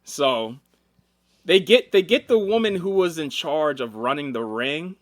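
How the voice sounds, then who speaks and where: Animated man recapping TV shows. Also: a little high, a little slow, no echo, clean studio sound. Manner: animated storytelling, acts out quoted people, swears freely. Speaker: podcast co-host. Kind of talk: casual chat.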